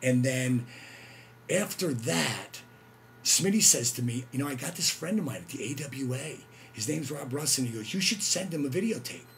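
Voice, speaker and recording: Gravelly excitable man telling a story. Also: mid-range voice, normal speed, slight background noise. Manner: excitable, shouts and whoops, acts out quotes. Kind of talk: casual storytelling.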